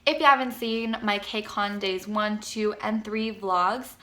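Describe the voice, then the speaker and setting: Gushing young woman, bright voice. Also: mid-range voice, steady tone, slow. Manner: gushing, rambling storytelling with lots of "like". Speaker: vlogger. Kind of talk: excited fan vlog to camera.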